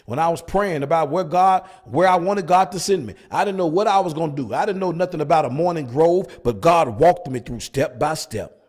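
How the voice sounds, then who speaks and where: A man's voice: fairly high pitch, fairly quick, a little mellow. A male pastor preaching at a Bible study, hammering points with repeated rhetorical questions. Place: church.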